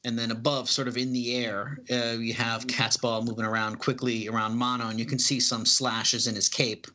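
A man's voice: medium pitch, flat delivery, normal speed, pushed and bright. A man casually reading through a comic book and describing its panels, hesitant and full of fillers. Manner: rambling, hesitant, many fillers.

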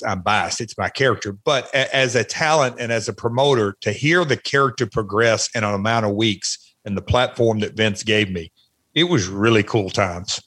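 A middle-aged man talking as a podcast guest, reminiscing in an animated way with many fillers and restarts. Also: medium pitch, slightly rough. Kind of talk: casual chat, reminiscing.

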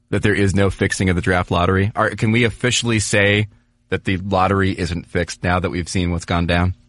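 A man from New York hosts a sports podcast in a relaxed, joking chat. He often repeats words as he restarts a thought. His voice sits fairly low and sounds close-miked in a dry booth. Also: no echo. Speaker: podcast host.

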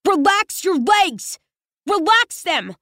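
Take-charge teen girl, voiced by a woman narrator, urgent, sharp and commanding. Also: high voice, lively intonation, normal speed, no echo, studio quality. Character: fierce, bossy teenage girl taking charge.

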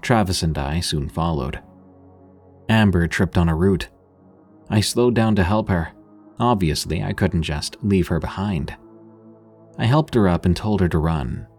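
A man narrating a scripted horror story in a husky voice, lifting his voice for the characters' lines. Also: deep voice, unhurried, pauses often, darkish tone, faint music behind.

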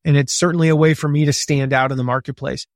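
Gregarious, slightly loud man in his forties. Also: on the high side, fast talker, no echo, clean studio sound. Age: 40s. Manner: gregarious, a little loud, animated; conversational with many fillers. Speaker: guest author and business coach. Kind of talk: podcast interview.

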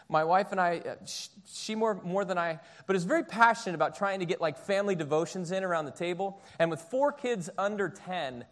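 Chatty high-voiced male pastor. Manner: chatty, storytelling, animated. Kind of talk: casual sermon.

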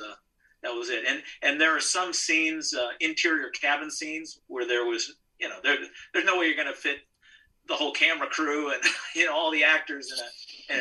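Bright-voiced man, distant from the mic. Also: mid-range voice. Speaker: panelist. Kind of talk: casual chat.

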